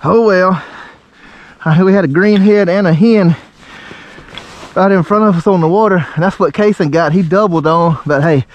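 A man, a father hosting a casual duck hunting vlog outdoors by the water, talking excitedly. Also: high-pitched, normal speed, dull audio. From Alabama. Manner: excited, laid-back Southern drawl, hushed whispers when birds near. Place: outdoors at a marsh blind by water. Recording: outdoor camera mic with faint wind and water noise.

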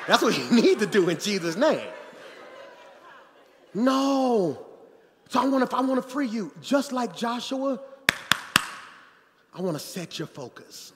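A pastor preaching a sermon in a church, animated, calling out to the congregation and joking with them. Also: male voice, extremely high pitch, a little slow, pauses often, background noise. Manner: animated preaching with crowd call-outs and jokes. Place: church sanctuary. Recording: long church hall reverb.

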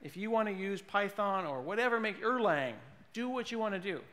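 Male conference speaker, playful comic delivery, slightly high pitch, hall reverb. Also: fairly quick. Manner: animated, jokey, mimics people with put-on voices. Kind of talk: comedic tech keynote.

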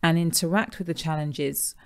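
A woman's voice: low voice, fairly even intonation, moderate pace. Thoughtful woman hosting a podcast. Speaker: podcast host. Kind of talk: reflective conversation.

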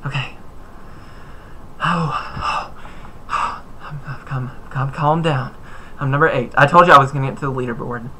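A man giving rambling, excitable let's-play commentary as a gaming YouTuber, breaking into sudden whoops and joking asides. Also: mid-range voice, slight background noise, poor audio.

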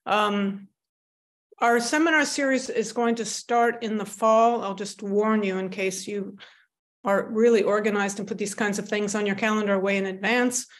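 A woman's voice: medium pitch, fairly even intonation, moderate pace. A woman hosting an online seminar, introducing the speaker in a casual way with frequent ums, over a video call. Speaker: seminar host.

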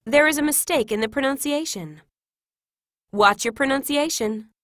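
A woman reading example classroom phrases in a clear, careful, instructive way. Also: high voice, normal speed, a bit bright. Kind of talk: scripted reading of example sentences.

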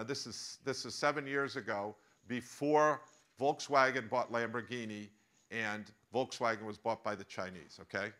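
American professor telling a story in his lecture, bright forward voice, jokey. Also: medium pitch. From United States. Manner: animated, joking storyteller. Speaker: professor giving a masterclass.

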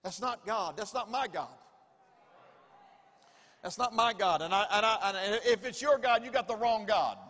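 Guy pastor preaching, high voice, says everything twice, call and response, long church echo. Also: moderate pace, long pauses, fairly bright tone. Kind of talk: sermon. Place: church sanctuary. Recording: long reverb of a church hall.

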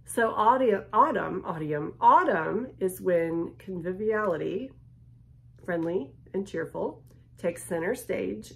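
A woman hosting a casual unboxing video, gushing and lingering over each item, sometimes dropping to a hush. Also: lowish voice, measured pace, vocal fry. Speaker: unboxing vlogger.

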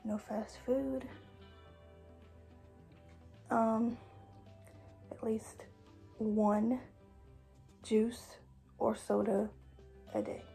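A woman's voice: a little high, steady tone, drawn-out words, gravelly, long pauses, dark tone, faint music behind, poor audio. A young adult woman vlogging a home workout, chatting with viewers while slightly out of breath. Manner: chatty, filler-heavy, addresses viewers as you guys. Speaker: fitness vlogger. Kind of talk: casual vlog talk to viewers.

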